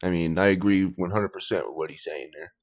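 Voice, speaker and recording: A man's voice: deep voice, steady tone, a little fast. A man hosting a reaction channel, chatting casually and agreeably. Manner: agreeable, easygoing.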